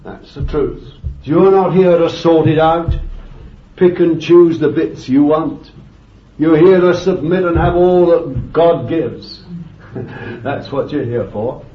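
A man's voice: a little high, slow pace. A man preaching a sermon with fervent exclamations of praise and bursts of laughter. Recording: echoey, dull, lo-fi recording with faint noise.

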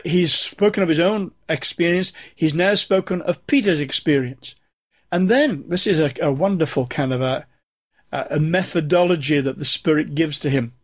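Man preaching a measured sermon. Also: a little high. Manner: measured, emphatic scripture reading.

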